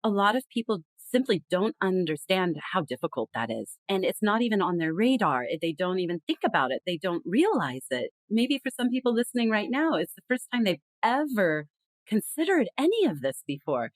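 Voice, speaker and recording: A woman's voice: medium pitch, very animated, normal speed, no room sound. A woman guest on a podcast, explaining in an earnest, conversational way and acting out example phrases. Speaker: podcast guest, communication consultant. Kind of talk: conversational interview.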